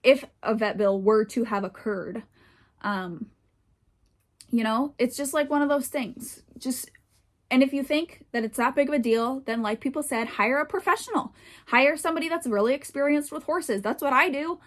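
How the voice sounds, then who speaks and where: A woman's voice: high-pitched, normal speed. A woman hosting a podcast in casual chat, rambling a bit with lots of fillers, a little winded and tired. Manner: chatty and rambling with frequent fillers. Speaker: podcast host. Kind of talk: casual chat reacting to online posts.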